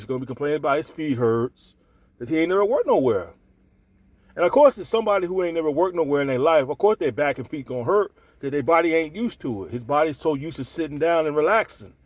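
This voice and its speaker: High-voiced man ranting, dry sound. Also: dry recording. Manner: exasperated, repetitive, rhetorical questions. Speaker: commentary channel host. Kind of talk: ranting commentary.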